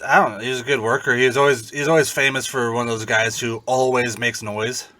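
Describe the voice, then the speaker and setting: A man co-hosting a podcast, chatting casually and telling animated, profane stories. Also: mid-range voice, fast, no room sound. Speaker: podcast co-host. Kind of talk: casual chat.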